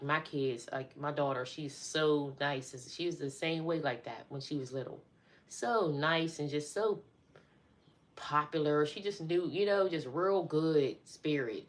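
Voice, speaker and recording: A middle-aged woman chatting casually on a live stream, talking to her viewers as y'all. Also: low voice.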